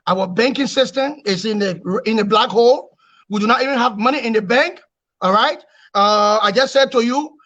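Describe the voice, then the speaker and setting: A man giving forceful political analysis in an interview, emphatic and repetitive, lecturing his points. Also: very high voice, dry recording, muffled recording. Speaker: opposition commentator.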